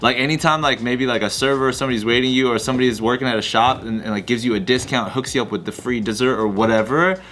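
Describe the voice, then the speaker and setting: A man speaks emphatically in relaxed podcast chat at a middle pitch, swearing as he makes his point. He fills his pauses with "like". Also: a little hiss or hum. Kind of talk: casual chat.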